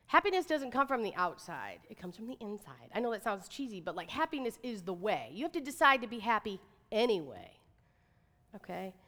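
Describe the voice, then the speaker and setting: Woman, 30s, motivational speaker: chatty and animated, bright tone, recorded live in a reverberant hall. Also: medium pitch, fairly quick. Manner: chatty, animated, says "like" and "right?" often. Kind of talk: inspirational talk to an audience.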